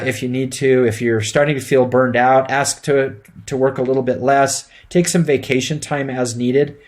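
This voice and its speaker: A middle-aged man giving an instructional lecture to emergency medical students, speaking plainly and conversationally with frequent fillers. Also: medium pitch. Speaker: EMT instructor.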